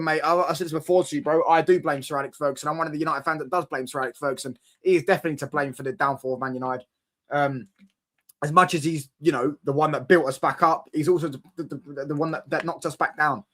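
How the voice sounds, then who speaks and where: A young man hosting a casual football live stream, talking in an animated way to his chat, full of fan slang and repeated "do you get what I'm saying". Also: fairly high pitch, fast talker.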